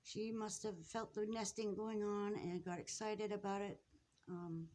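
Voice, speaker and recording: A woman filming her pet finches indoors, talking casually and haltingly, upset and close to tears, often apologizing and restarting. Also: mid-range voice, flat delivery, darkish tone. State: tearful, upset. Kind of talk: casual off-the-cuff narration to camera. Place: indoors at home near a birdcage.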